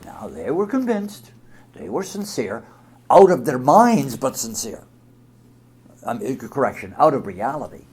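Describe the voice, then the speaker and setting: A man delivers a religious talk in an emphatic, lively way. His voice is mid-pitched and he swings from loud to soft. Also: measured pace, husky. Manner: emphatic, sweeping swings in loudness. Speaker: speaker.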